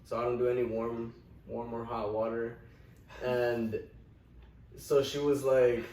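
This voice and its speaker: A man recounts a story in a relaxed, animated way, laughing through his words. His voice sits at an ordinary pitch. He is caught from a distance in an echoey room with faint background noise. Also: a little slow, long pauses. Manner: animated anecdote, often laughing mid-story. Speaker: podcast guest. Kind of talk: casual storytelling chat.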